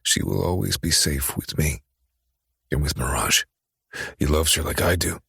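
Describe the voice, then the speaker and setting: A man voicing a cunning, possessive young man with quiet dark menace, speaking slowly and in a controlled way for an audiobook. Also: a bass voice, gravelly, husky, no echo, studio quality, full character voice. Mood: intense. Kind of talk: audiobook character reading.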